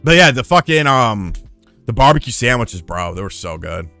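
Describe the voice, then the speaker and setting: A man's voice: medium pitch, sing-song, moderate pace, creaky, pushed and bright, no room sound, soft background music. A man in his thirties hosting a casual livestream. He tells rambling, profane stories and thanks new members as they join. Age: 30s. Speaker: streamer.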